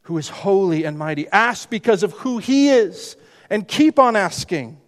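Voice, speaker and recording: High-voiced man preaching emphatically. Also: expressive, moderate pace, big-room sound. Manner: emphatic, repeats phrases, rhetorical questions. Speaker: pastor. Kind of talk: sermon.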